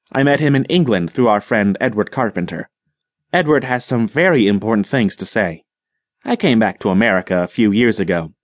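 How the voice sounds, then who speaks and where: A man's voice: fairly low pitch, no echo. A man voicing a grandiloquent, professorial older colony leader who talks in a rhetorical, dramatic way.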